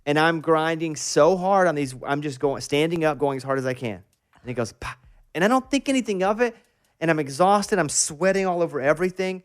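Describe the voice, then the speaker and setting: A man hosting a morning radio show, telling a long personal story in an animated, self-mocking way. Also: a little high, fairly quick, smooth. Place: radio studio.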